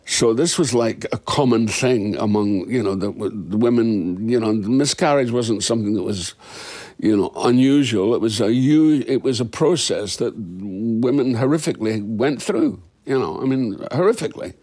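A man, an actor, talking frankly and reflectively in an interview, now and then with a soft laugh. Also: fairly low pitch, moderate pace, husky. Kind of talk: candid interview conversation.

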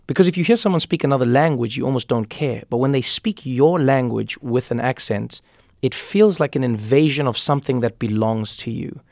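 Male guest, 30s, gravelly, dry close-miked studio sound, animated and quick-witted. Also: medium pitch, no room sound. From South Africa. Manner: animated storyteller, quick asides, repeats words when starting thoughts. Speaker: guest, comedian and author. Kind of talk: radio interview conversation.

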